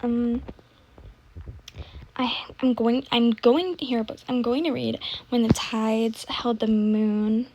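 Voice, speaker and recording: Young woman, casual rambling chat, a bit high-pitched, trailing off and restarting, faint background noise. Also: fairly even intonation, takes it slowly, warm tone, muffled recording. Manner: chatty, scattered, often trails off and restarts. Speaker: book vlogger.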